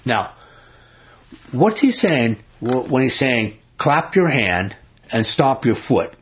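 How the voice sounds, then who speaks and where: A man's voice: mid-range voice, big pitch swings, slow pace, slightly rough. A man leading a Bible study, reading verses aloud and explaining them in an emphatic, conversational way, often asking his listeners questions. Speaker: Bible teacher. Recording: dull lo-fi recording.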